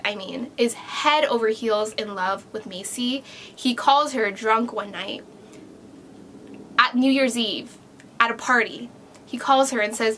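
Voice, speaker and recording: Bright-voiced chatty woman reviewing a book. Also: a little high. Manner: chatty, animated, swears casually, many fillers.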